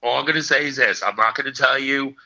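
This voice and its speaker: A man in his sixties, an actor guest, telling stories as an animated raconteur who punches his lines with "okay.". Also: mid-range voice, fast talker. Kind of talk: storytelling in a casual interview. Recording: dull lo-fi recording.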